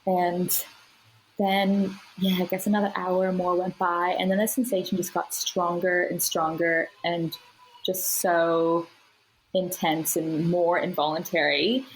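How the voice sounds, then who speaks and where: A woman's voice: lowish voice, fairly even intonation, a little slow, a little hiss or hum, rough recording. A woman guest on a podcast, telling her birth story in a casual, chatty way with plenty of fillers and laughs.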